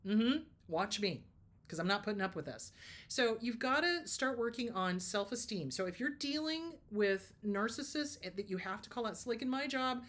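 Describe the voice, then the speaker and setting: A woman's voice: on the high side, normal speed. A middle-aged woman therapist hosting an advice show, talking casually and emphatically, telling stories and acting out quotes. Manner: emphatic, lively storytelling with laughs and mock quotes.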